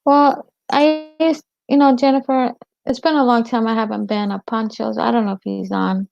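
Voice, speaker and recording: A woman's voice: fairly high pitch, fairly even intonation, moderate pace, vocal fry, a little mellow, no room sound. A woman hosting a casual livestream chat, rambling and answering viewers' comments by name. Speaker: livestream host. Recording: dull lo-fi stream audio.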